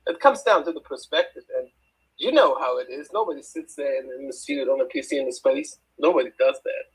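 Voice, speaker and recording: A man's voice: mid-range voice, brisk, a bit bright, breathy edge, poor audio. A man joking and chatting in a casual live audio chat.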